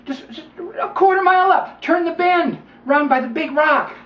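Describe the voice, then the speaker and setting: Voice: very high voice, normal speed, voice pushed up. A storyteller voicing a sly male rattlesnake who casually coaxes a boy into carrying him. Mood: coaxing. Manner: wheedling, casual, says "man". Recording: dull roomy recording from a distance.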